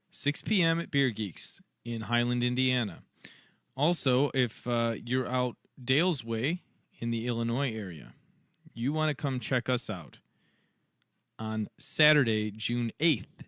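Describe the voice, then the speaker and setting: Lively teasing man on a podcast. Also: medium pitch, no echo, studio quality. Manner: joking, teasing, riffs with acted-out voices. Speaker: podcast co-host. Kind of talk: casual chat.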